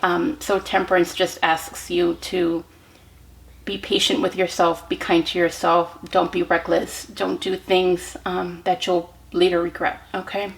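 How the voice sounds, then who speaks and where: Gentle, encouraging woman tarot reader. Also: fairly low pitch, level tone, unhurried, gravelly, low-quality recording. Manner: gentle and encouraging, many ums and restarts; speaks directly to the viewer with frequent "okay?". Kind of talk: pick-a-card tarot reading to camera.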